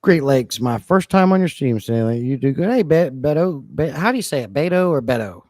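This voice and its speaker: A man chatting casually on a fish-keeping livestream, reading comments and joking around, a bit low on energy. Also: expressive, a little fast, a little mellow, no room sound, clean studio sound. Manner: playful, rambling, jokey with chat. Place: home fish room.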